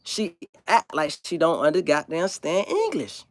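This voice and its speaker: A man who grew up in South Florida, hosting a livestream and talking in a blunt, profane, animated way. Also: a little high, measured pace, no echo. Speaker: livestream host. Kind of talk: casual opinionated monologue.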